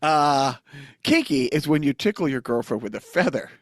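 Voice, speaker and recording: A man with a speech impediment hosting a casual podcast, animated and laughing at his own jokes. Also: on the high side, moderate pace, no echo, clean studio sound. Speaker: podcast host, comedian.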